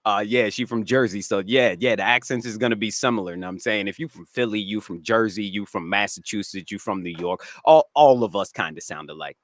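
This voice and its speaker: A man with a raspy voice and a New England accent, chatting casually and laughing often on a live stream. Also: fairly low pitch, fairly quick, hardly any pauses, dry recording, studio quality. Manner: slangy, laid-back, laughs often. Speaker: cannabis grower and streamer. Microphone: dry close mic, studio.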